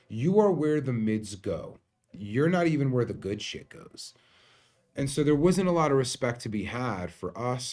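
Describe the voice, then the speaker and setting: A man's voice: mid-range voice, darkish tone. A man, a company founder telling a candid, emotional story about his company's early days. He swears freely. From New York. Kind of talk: storytelling monologue.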